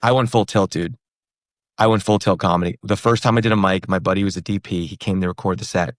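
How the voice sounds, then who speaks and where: A comedian in his thirties telling a story in a casual interview, animated, acting out the other people in it. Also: sits low, quick pace, dry recording, clean studio sound. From New York and Pennsylvania. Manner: animated, acts out quoted voices. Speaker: comedian guest.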